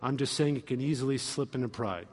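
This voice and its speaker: A man preaching a sermon as pastor, animated and acting out quoted voices. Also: medium pitch, quick pace. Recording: long reverb of a hall.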